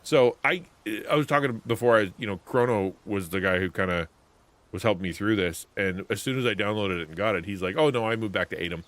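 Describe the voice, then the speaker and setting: A man livestreaming a game, chatting on and on as he plays. His talk rambles and keeps cutting back on itself, and his voice sits on the low side. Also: fairly quick, a bit bright. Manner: rambling, chatty, self-interrupting. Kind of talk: casual gameplay commentary.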